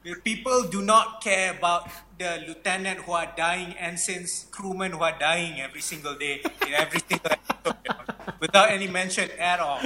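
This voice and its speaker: A man with a very bright, forward voice, a touch high for his sex, talking things through in a relaxed podcast chat. He hesitates often, filling gaps with "uh" as he works out an explanation. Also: normal speed, slight background noise. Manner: hesitant, explains with many fillers. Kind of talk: casual chat.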